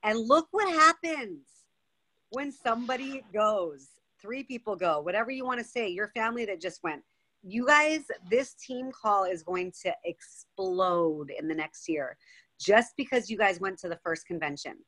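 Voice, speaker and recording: A woman's voice: mid-range voice, animated, normal speed, a bit bright, dry recording. A woman on a video call telling an enthusiastic story to her team. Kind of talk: excited sharing on a video call. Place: outdoors with weak signal.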